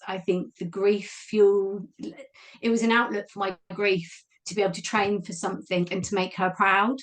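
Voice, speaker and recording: Woman, forties, candid guest, reflective, quick to laugh. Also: mid-range voice. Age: 40s. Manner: open, reflective, laughs easily. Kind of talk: candid personal conversation.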